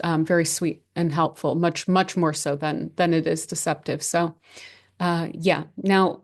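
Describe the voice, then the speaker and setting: A woman with a slightly low voice talks through a monthly horoscope off the cuff. She restarts her phrases often and drifts into "like" and "you know" as she offers gentle advice. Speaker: astrology channel host. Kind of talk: casual unscripted monthly horoscope reading.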